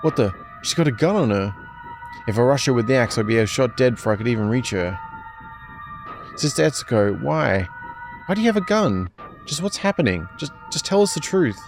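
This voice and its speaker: A man's voice: quick pace, music in the background, lightly acted. A man voicing a frightened teenage schoolgirl in a horror game, stammering and pleading in a raised voice. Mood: panicked. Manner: stammering, high-pitched pleading.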